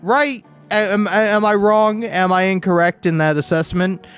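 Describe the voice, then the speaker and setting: A man's voice: sits high, fairly even intonation, measured pace, fairly bright tone, clear, resonant tone, faint music behind. Rambling, sarcastic young man commentating. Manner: rambling, sarcastic, stammering and profane. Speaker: gameplay commentator. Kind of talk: casual gameplay commentary.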